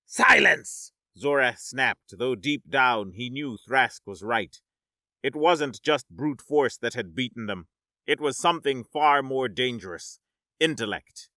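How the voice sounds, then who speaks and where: A man narrating a science-fiction story in a dramatic, measured audiobook style. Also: medium pitch, expressive, bright, forceful tone, no room sound, studio quality.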